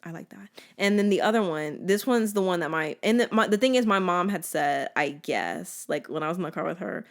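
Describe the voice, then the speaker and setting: A woman's voice: on the low side, expressive, fairly quick. Chatty young woman, sarcastic and playful. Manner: playful, sarcastic, heavy use of "like". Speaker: podcast host. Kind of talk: casual solo podcast chat.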